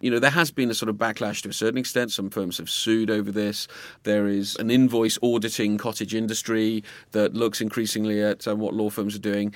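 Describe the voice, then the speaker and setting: Low-pitched male journalist, measured and deliberate, dry studio sound. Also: little pitch movement, no echo. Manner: measured, restarts phrases. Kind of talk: casual discussion.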